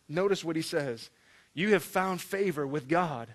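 A man preaching a sermon, animated and joking, acting out the story in voices. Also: a little high, measured pace. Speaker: pastor.

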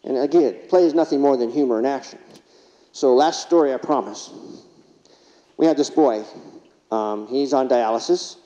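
Warm-toned, medium-pitched and at a normal pace, this keynote speaker entertains a large conference hall with funny anecdotes and rhetorical questions. He's heard from afar through dull hall reverb.

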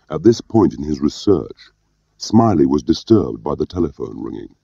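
Deep gravelly man reading a spy novel, calm and measured, dull lo-fi sound. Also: no echo. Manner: measured, understated storytelling. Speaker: audiobook narrator. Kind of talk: scripted narration. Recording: dull lo-fi audio.

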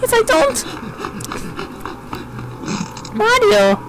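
A man doing a high, panicked young man. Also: wildly swooping pitch, moderate pace, very noisy, exaggerated voice. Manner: high, strained, fearful. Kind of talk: game dialogue read aloud. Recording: game music playing behind. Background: game music.

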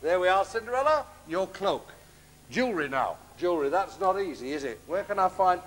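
A man's voice: sits high, sing-song, fairly quick, a little hiss or hum. A man playing a bumbling, kindly pantomime father who makes puns and muttered asides in a live stage comedy. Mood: doting. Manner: gentle, punning, mumbling asides. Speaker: comic actor. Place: theatre stage.

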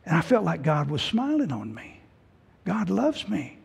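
A middle-aged male pastor giving an emotional personal testimony in a sermon, swinging between loud and hushed. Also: a little high, huge pitch swings, unhurried, vocal fry, husky. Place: church sanctuary. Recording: long hall reverb.

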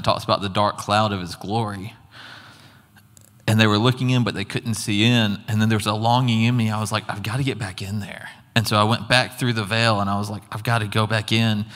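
A man's voice: fairly low pitch, a bit bright, in a large hall. A man giving a sermon that tells a personal story, earnest and acting out his own reactions as he goes. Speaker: guest preacher. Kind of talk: sermon testimony.

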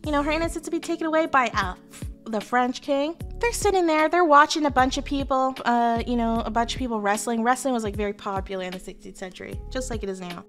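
A woman retells history as casual comedy, chatting irreverently with plenty of swearing and fillers. Her voice sits a little high, and faint music plays beneath. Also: quick pace, fairly bright tone. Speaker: history storyteller, virtual streamer.

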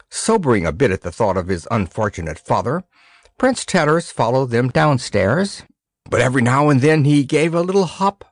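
A man narrating a children's storybook aloud in an expressive storytelling manner. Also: medium pitch, dry recording. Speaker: audiobook narrator.

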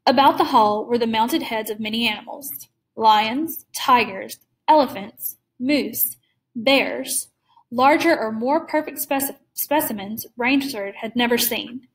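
A woman reading a classic short story aloud in a measured, clear storytelling manner. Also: fairly high pitch, rough recording. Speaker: reader.

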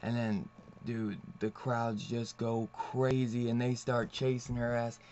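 A man's voice: medium pitch, completely flat delivery, slow pace, a little mellow, slight background noise. A man reviewing a comic book in a loose, rambling way, swearing freely and laughing often. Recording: dull lo-fi recording.

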